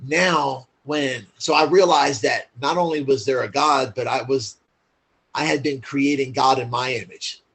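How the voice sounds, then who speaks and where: A man's voice: mid-range voice, steady tone, a little slow, a bit bright, husky. A man as a podcast guest, telling his story in a candid, blunt, profane way, full of "like" fillers.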